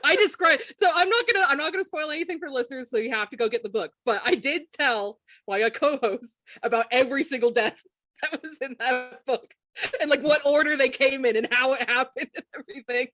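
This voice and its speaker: A woman podcast co-host with a fairly high voice, chatting casually and laughing often. Her voice is recorded close and dry, with little room sound. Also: no echo. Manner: laughs often, quick when excited.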